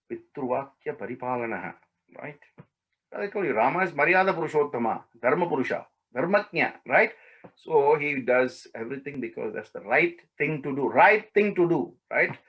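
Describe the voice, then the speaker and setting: Husky man telling a scripture story. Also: medium pitch, lively intonation, normal speed, a bit bright, poor audio. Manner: acts out characters' lines in the retelling, often asks "right?". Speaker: spiritual teacher.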